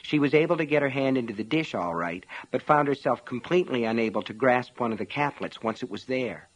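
A man reading a novel aloud in a measured, dramatic narration style. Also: mid-range voice, expressive. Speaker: audiobook narrator. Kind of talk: scripted narration.

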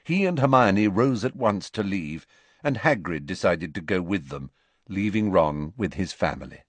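A man's voice: low voice, lively intonation, normal speed, no echo. A man narrating an audiobook expressively, switching into character voices.

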